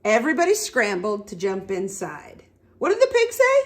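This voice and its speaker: A woman reading a picture book aloud to young children at storytime, animated, asking them questions and making the animal sounds. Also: high-pitched, unhurried. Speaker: storytime reader.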